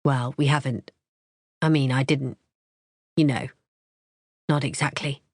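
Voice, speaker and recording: A woman voicing a nervous, apologetic man who speaks slowly and carefully. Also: very deep voice, fairly even intonation, a little mellow, no room sound, studio quality. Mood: sheepish. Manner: slow, careful, hesitant.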